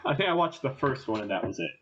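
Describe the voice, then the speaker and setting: Animated man reviewing a film. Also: medium pitch, fairly quick, a little hiss or hum. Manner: animated, acts out characters in quoted voices. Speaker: podcast co-host. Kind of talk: casual film review chat. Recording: dull lo-fi podcast audio.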